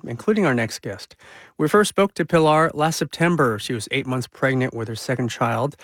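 A male radio host reads a scripted news introduction in an even manner. His voice sits mid pitch and sounds dry and close. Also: dry recording.

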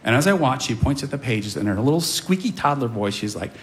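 A man's voice: medium pitch, animated, quick pace, a little hiss or hum. A middle-aged man telling a comic personal story on stage to a live audience, with wry, self-deprecating asides.

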